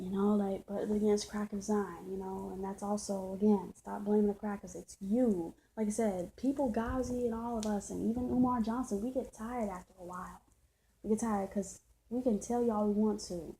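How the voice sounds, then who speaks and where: A woman's voice: mid-range voice, dark tone, slight background noise, rough recording. A woman ranting to camera, heated and preachy, with a lot of swearing and the same points said again and again. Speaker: vlogger. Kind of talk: impassioned rant to camera.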